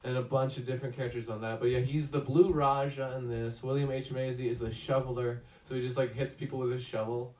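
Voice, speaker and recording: A man's voice: mid-range voice, little pitch movement, fast talker, hardly any pauses, darkish tone. Casual male reviewer, rambling delivery full of restarts, recorded far from the mic in an echoey room. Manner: rambling, many fillers and restarts. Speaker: movie review host. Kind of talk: casual movie review chat.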